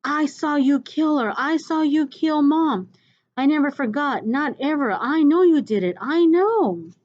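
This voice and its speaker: A woman reading aloud, voicing a big, slow teenage boy who pleads and shouts in desperation. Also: mid-range voice, animated, dull audio. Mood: desperate. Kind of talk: storybook read-aloud.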